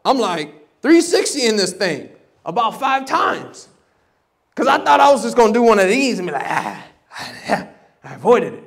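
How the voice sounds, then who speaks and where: A man preaching a sermon, animated and dramatic, acting out voices and swinging from loud bursts to hushed tones. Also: high voice. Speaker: pastor. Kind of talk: sermon storytelling. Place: church service.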